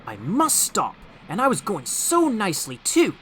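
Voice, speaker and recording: An eager little tank engine chirps in a raised, boyish voice, swinging up and down as he frets, put on by a man reading a storybook. The tone is bright and ringing. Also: high-pitched, a little hiss or hum, voice pushed up, exaggerated voice. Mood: cheeky. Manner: excitable, chirpy, quick to fret. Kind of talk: storybook audiobook voice acting.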